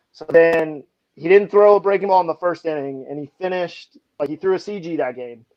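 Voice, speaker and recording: A man and baseball pitching coach telling an animated story in a casual podcast chat, leaning heavily on "like". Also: a little fast, highs cut off. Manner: animated anecdotes, heavy use of "like".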